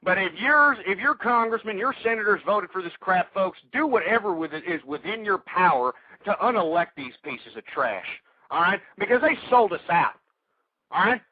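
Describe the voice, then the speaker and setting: A man's voice: high-pitched, animated, normal speed, no room sound. A man hosting a political talk radio show, ranting angrily and hurling insults at his listeners. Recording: tinny phone-like radio audio.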